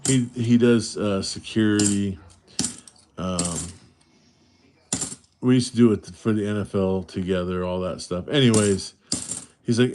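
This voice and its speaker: A man's voice: fairly low pitch, unhurried, pauses often, a little mellow, a little hiss or hum. A man from Los Angeles, host of a coin roll hunting livestream, casually telling a rambling story and answering chat, restarting his sentences as he goes.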